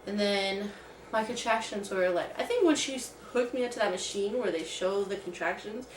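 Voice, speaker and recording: A woman's voice: mid-range voice, expressive, moderate pace, slight background noise. A woman vlogger telling a personal story in casual, rambling talk full of "like". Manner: rambling, heavy use of "like". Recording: roomy sound from a distant mic.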